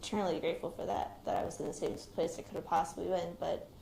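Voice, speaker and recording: A young woman, an active military member, recounts surviving a shooting in a hesitant, reflective, quiet-spoken way. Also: fairly low pitch, steady tone, very fast, creaky. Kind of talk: recounting a personal experience in an interview. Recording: roomy recording with faint background noise.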